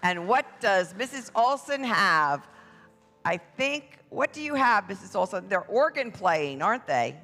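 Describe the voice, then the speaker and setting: A parade announcer emceeing a church event for families in a playful, drawn-out way. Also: mid-range voice, very animated, bright, forceful tone. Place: church hall. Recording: echoey hall with music behind.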